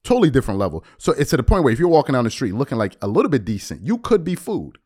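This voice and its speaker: A man's voice: medium pitch, very animated, racing, darkish tone, breathy edge. A man hosting a sports podcast, talking casually and emphatically in slang, often repeating words. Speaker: podcast host. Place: lives abroad, recording at home.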